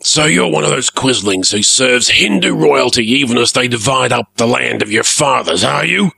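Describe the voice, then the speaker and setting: A man voicing a gruff, blustering male airship pirate captain who barks his orders, in a storybook reading. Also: mid-range voice, expressive, normal speed, sharp tone, no echo, voice pushed up, exaggerated voice. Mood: menacing.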